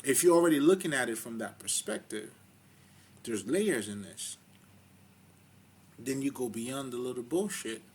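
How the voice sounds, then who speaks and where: This is a man with a husky, slightly rough voice, talking in a loose, rambling way. He swears freely, leans on fillers, and breaks into loud laughs between his points. His pitch sits at an ordinary middle level for a man. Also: moderate pace, pauses often. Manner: rambling, profane and streetwise, with frequent fillers. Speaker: spiritual talk host. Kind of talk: casual spoken monologue.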